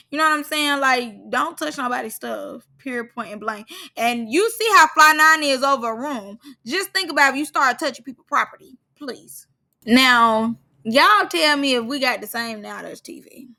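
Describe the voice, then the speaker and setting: Laughing often, an animated woman with a high, gravelly voice dishes on a reality show in slangy, casual gossip. Her tone is bright and cutting, and she keeps a moderate pace.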